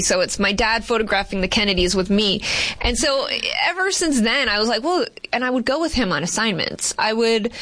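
A woman's voice: medium pitch, a bit bright. A woman from Boston, a TV news reporter, chatting as an interview guest in a rambling, storytelling way with lots of fillers. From Boston, Massachusetts. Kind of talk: casual interview chat.

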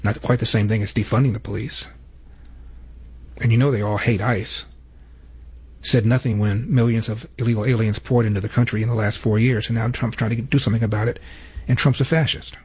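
Brief: man, political talk host, measured and pointed, husky voice. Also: lowish voice, fairly even intonation, a little mellow. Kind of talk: political commentary with played clips.

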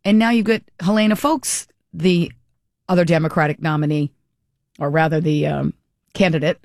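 A woman's voice: low voice, fairly even intonation, moderate pace, gravelly, a little mellow, no room sound, studio quality. Chatty opinionated woman radio host. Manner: chatty, opinionated, frequent restarts. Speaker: radio talk show host. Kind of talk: political commentary.

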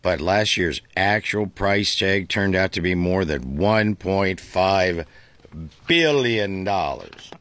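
A man's voice: low voice, animated, slow, fairly bright tone, no echo. A male talk show host reading the news aloud with sarcastic, mocking asides.

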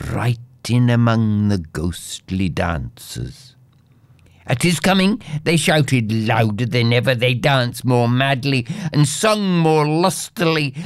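A man's voice: medium pitch, no echo. A man reading an old fairy tale aloud in a dramatic way, dropping into whispers at tense moments. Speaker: storyteller.

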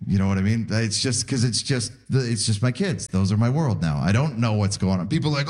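A man in his forties from Canada, telling stand-up stories in a laid-back way with animated voiced asides. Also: fairly low pitch, fast, few pauses. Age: 40s. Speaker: stand-up comedian. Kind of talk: stand-up comedy set. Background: audience laughter.

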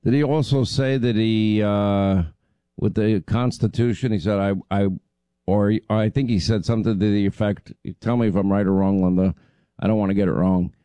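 A man's voice: fairly low pitch, fairly even intonation, moderate pace, dark tone, clear, resonant tone, no echo. A man hosting a talk radio show, commenting indignantly and emphatically, often repeating himself. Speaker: radio and podcast host.

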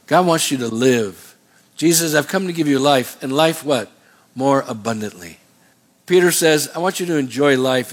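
A middle-aged man preaching a sermon, emphatic and rhythmic, asking the congregation to finish his lines. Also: on the high side. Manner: emphatic preaching, call-and-response questions. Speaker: pastor.

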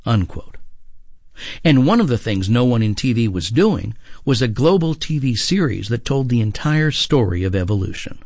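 A man reads his TV review aloud in a steady, scripted way. His voice sits in a middle pitch for a man. The recording is close and dry, with no room sound. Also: dry recording. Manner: measured, reading from a script. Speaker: TV critic.

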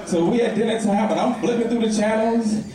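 A man's voice: high voice, fairly quick, warm tone, very echoey, distant mic, slight background noise, low-quality recording. A man telling a joke story in a stand-up comedy set.

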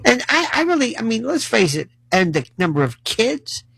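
Sarcastic man ranting, gravelly and lively. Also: extremely high pitch, moderate pace, no echo, poor audio. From United States. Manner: sarcastic, animated, mocking voices. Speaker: commentator. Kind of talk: ranting monologue to camera. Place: New York City.

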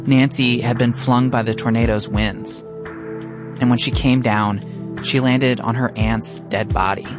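A man narrating a radio story in a measured, calm, scripted way. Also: medium pitch, over music.

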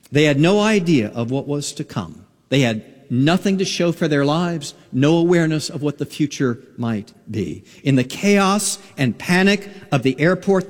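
A man preaching a sermon, telling a story with dramatic pauses. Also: fairly high pitch. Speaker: pastor. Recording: radio broadcast with long reverb.

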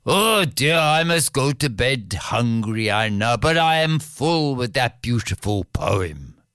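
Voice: mid-range voice, sing-song, slow pace, a bit bright, smooth, dry recording, clean studio sound, voice pushed down. A storyteller voicing a fussy old king who is easily pleased, in a grand, fussy manner. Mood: contented. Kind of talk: storybook character voice.

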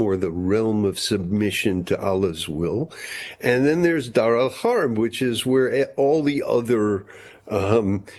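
A man's voice: fairly low pitch, a little mellow. A man talking as a historian guest, explaining at length and often repeating words as he thinks. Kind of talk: conversational interview explanation.

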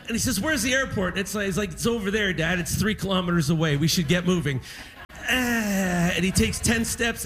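A middle-aged man doing a stand-up comedy set, telling a story in an animated way and acting out his father's grumbling. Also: high voice, low-quality recording. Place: theatre stage before a live audience.

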